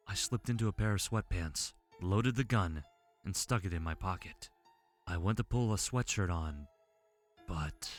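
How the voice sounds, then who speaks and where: Horror narrator, male, low register, tense and dramatic, soft music underneath.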